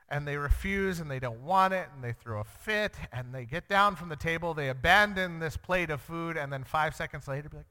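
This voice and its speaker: A man, a young father, teaching through a Bible passage in an earnest way, acting out the quoted lines with sudden jumps in pitch. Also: brisk, few pauses, bright, forceful tone, clear, resonant tone. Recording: long reverb.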